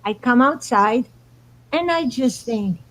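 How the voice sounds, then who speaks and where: A woman's voice: fairly high pitch, lively intonation, slow pace, fairly bright tone, rough recording. A woman guest on a talk show, telling spiritual stories in an earnest, meandering way. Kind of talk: casual storytelling chat.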